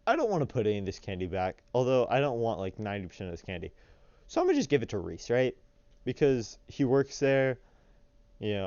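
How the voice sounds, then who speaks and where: Young male storyteller, rambling and animated, smooth voice, dry dull lo-fi sound. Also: lowish voice, no echo. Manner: rambling, filler-heavy, animated retelling. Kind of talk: casual storytelling voice-over.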